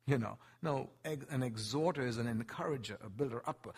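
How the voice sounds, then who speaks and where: A man preaching a sermon to a congregation, with animated delivery, acting out the voices of the people he quotes and speaking directly to his listeners. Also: fairly high pitch, brisk, vocal fry, few pauses, husky. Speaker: pastor.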